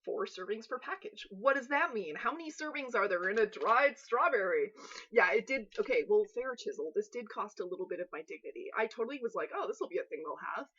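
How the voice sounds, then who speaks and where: A woman's voice: mid-range voice, lively intonation, a little fast, a bit bright, breathy edge, muffled recording. A woman hosting a live baking stream from her home kitchen, chatting and joking in a rambling way with her viewers. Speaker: host of a live cooking stream.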